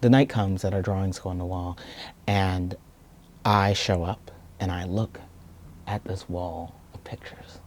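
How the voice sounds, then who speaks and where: A man telling a personal story in a reflective, soft-spoken and earnest way. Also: low voice, steady tone, measured pace, a little hiss or hum. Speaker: video essayist.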